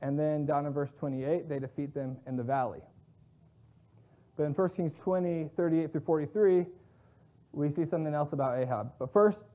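A man's voice: on the high side, normal speed. Tinny-sounding man teaching scripture casually. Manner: conversational, paraphrases scripture in everyday slang. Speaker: Bible teacher.

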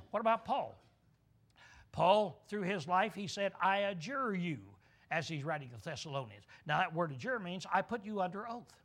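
A man's voice: high voice, fairly bright tone. A man preaching a sermon, asking questions and answering them himself, drawling key words for emphasis.

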